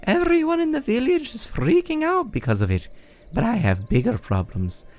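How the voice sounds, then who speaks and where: A man voicing an eager young male bird-folk villager who complains in a high, excitable put-on voice. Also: normal speed, soft background music, full character voice. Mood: whiny. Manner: complaining, whiny.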